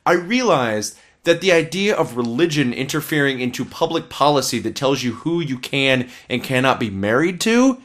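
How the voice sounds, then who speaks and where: A man's voice: medium pitch, sing-song, normal speed, hardly any pauses, fairly bright tone. A man co-hosting a casual podcast, rambling and opinionated as he reviews films, swearing freely. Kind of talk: casual chat.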